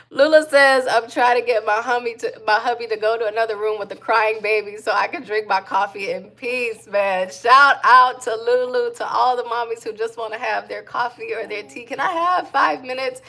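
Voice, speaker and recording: Chatty young mom with gravelly voice. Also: female voice, on the high side, fairly even intonation, normal speed. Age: young adult. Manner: warm chatty shout-outs, coos baby talk to her infant. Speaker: mom vlogger reading live comments. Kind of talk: casual livestream chat.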